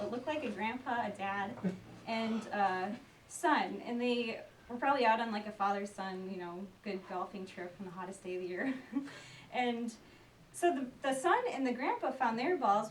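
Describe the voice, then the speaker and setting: A young woman telling a personal story out loud in a chatty, animated way, acting out the people she quotes. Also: medium pitch. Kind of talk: personal story told aloud. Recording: roomy, distant mic, faint background noise.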